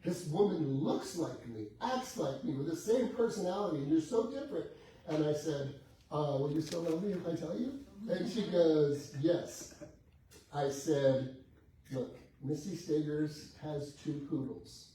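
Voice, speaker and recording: A man's voice: on the high side, animated, unhurried, mellow. A middle-aged man coaching a class on real estate, telling a client story and acting out both sides of the conversation. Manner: acts out both sides of a sales conversation, laughing often. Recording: echoey room with faint background noise, heard from a distance.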